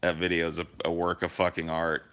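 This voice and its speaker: A young man on a podcast, telling a story in casual, animated chat, swearing freely and acting out what people said. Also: sits low, fairly quick. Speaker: podcast co-host.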